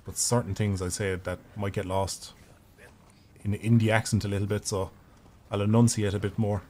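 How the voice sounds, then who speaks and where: A man's voice: lowish voice, level tone, moderate pace, warm tone, slight background noise. A man in his thirties with an Irish accent, chatting casually and swearing freely while streaming a video game. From Ireland. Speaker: gaming streamer. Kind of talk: casual live gameplay commentary.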